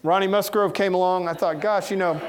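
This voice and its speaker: A man's voice: high voice, steady tone, a little fast. A middle-aged man with a Southern American accent, a cartoonist giving a casual talk in a lecture room, telling folksy, joking anecdotes. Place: lecture room before an audience.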